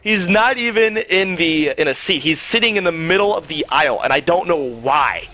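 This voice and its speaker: A man's voice: fairly high pitch, expressive, normal speed, sharp tone. A young man streamer telling a rambling, profane story in casual chat, full of fillers.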